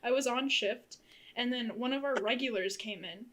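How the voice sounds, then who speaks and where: A woman's voice: fairly high pitch, normal speed, noisy background. Laid-back young woman chatting. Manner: relaxed, laughs often, dry remarks. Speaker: podcast co-host. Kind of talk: casual chat.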